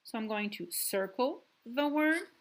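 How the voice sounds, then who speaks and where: Slow, patient woman teaching young kids. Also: on the high side, animated. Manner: slow, deliberate reading with drawn-out words; patient, encouraging classroom tone. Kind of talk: recorded remote lesson for young students.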